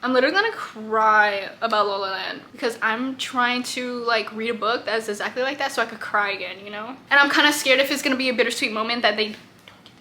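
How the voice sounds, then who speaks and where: A woman's voice: on the high side, fast, sharp tone, slight background noise. A woman book vlogger talking casually and animatedly, getting worked up about the characters as she reviews her reads.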